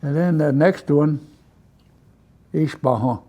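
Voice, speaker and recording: A man teaching a language class, relaxed, repeating words slowly for his students. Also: a little high.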